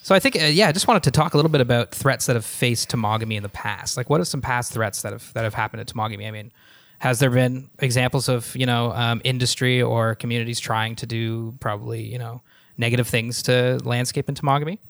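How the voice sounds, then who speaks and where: A man's voice: mid-range voice, fast talker, a bit bright, no room sound. A male host casually asking questions and giving short affirmations. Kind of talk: interview.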